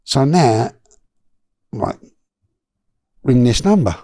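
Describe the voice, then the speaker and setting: A middle-aged man, telling a long personal story in a chatty, animated way as a podcast guest. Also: medium pitch, extremely slow, no room sound, studio quality. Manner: animated, chatty, lots of restarts and slang.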